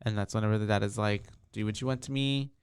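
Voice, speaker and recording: A man co-hosts a podcast, calmly filling in plot points of a horror film. His lowish voice has a gravelly fry yet stays smooth and resonant. The sound is dry and close. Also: quick pace, no echo. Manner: relaxed, fills in plot points, acts out quotes. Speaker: podcast co-host. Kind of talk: casual chat recapping a horror film.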